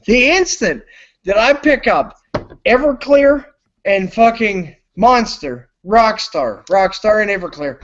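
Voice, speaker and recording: A man's voice: high voice, animated, slow pace, a bit bright. An intoxicated man hosting a live stream, rambling loosely and swearing constantly. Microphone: computer mic on a live stream. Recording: lo-fi online stream audio.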